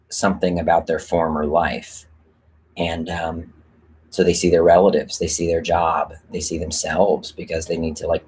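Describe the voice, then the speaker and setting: His voice is low-pitched and darkish, with a little hiss or hum in the audio. Hosting a live stream, the man chats candidly about reworking a script, rambling along with plenty of fillers and offhand swearing.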